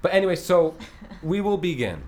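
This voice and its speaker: A man's voice: high voice, very animated, normal speed, darkish tone. A man in his thirties hosting a casual podcast chat, telling rambling stories broken up by laughs. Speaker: podcast host.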